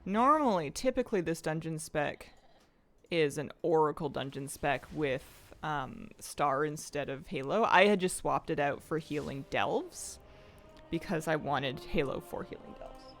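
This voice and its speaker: A woman live-streaming a game who chats casually, laughs often and coos at her pets in a high sing-song. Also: unhurried, faint music behind.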